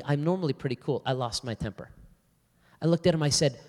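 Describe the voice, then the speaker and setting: Male pastor, animated storyteller, plays both sides of a dialogue, mid-pitched voice, long hall reverb. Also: fast talker. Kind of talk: church talk with storytelling. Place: church hall before a live audience.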